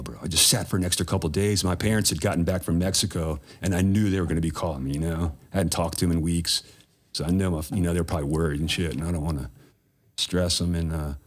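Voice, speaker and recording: Male guest, very low voice, loose and profane storyteller. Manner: laid-back, profane, slangy. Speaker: podcast guest. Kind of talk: casual storytelling.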